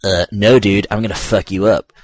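A man's voice: on the low side, fairly even intonation, moderate pace, no echo, lightly acted. A man doing a crude, blunt warrior hero. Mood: threatening. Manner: blunt, profane, casual. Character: crude modern-talking young male warrior.

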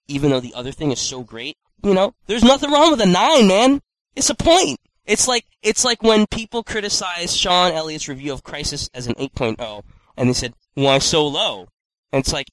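A man casually chatting on an online podcast, animated, swearing freely and acting out quotes. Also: medium pitch, dry recording, low-quality recording. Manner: animated, swearing, acts out quotes in exaggerated voices. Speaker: podcast co-host. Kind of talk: casual chat.

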